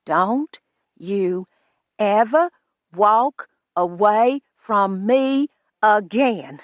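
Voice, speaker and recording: A woman's voice: mid-range voice, measured pace, fairly bright tone, dry recording, muffled recording, voice pushed up, natural voice. A woman voicing a sickly young male slaveholder who issues threats and commands in an audiobook. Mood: threatening.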